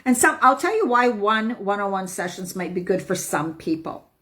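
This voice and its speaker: A woman's voice: medium pitch, big pitch swings, moderate pace, pushed and bright. Upbeat woman coach, keeps asking "right?". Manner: upbeat, emphatic, repeats "right?". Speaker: health and eating coach. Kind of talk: casual live-stream talk.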